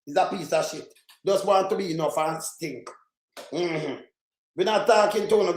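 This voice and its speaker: A man with a Jamaican accent ranting in heated, crude, repetitive online commentary, shouting at times. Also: sits high, normal speed. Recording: roomy echo.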